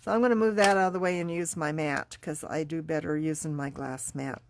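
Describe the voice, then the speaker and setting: A woman's voice: sits low, steady tone, a little hiss or hum. A middle-aged woman with a stuffy, congested voice, chatting casually as she demonstrates card making. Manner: chatty, unhurried, talks while working. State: congested, sniffling. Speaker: card-making class teacher. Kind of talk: casual craft tutorial.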